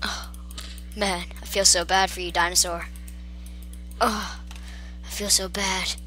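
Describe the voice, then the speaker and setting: A woman's voice: fairly low pitch, level tone, slow, soft background music. A woman giving casual gameplay commentary, talking playfully to the creatures on screen. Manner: talks to game creatures in a hushed, playful way.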